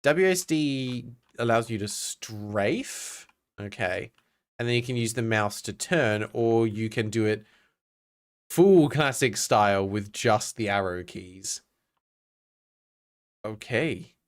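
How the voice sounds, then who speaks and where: Australian male streamer, lively pitch and a casual, self-deprecating delivery. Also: takes it slowly, long pauses. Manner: reads game text aloud, chatty and self-mocking. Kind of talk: casual gameplay commentary.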